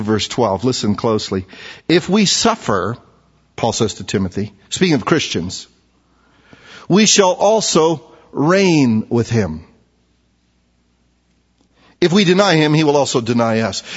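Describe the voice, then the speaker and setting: Here the pastor's voice sits on the high side and sounds husky. He preaches conversationally, leaning on rhetorical questions and repetition, and the recording from the church hall is dull and echoey.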